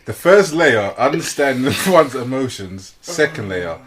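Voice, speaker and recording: A man's voice: medium pitch, big pitch swings, measured pace, fairly bright tone, slight background noise. A man co-hosting a casual podcast discussion, talking openly and easily about his own feelings. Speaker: podcast co-host.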